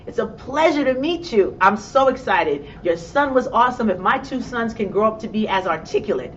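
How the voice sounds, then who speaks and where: A woman with a New York accent, giving a motivational talk and acting out her own excited reactions as she tells a personal story. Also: moderate pace. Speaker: motivational speaker. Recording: distant, dull sound with faint rumble.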